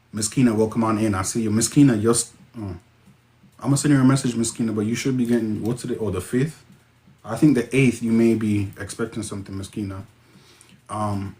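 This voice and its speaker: Excitable Jamaican-accented man streaming live. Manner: excitable, interjects sudden high-pitched exclamations. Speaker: livestream host. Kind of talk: casual livestream chat reading viewer comments.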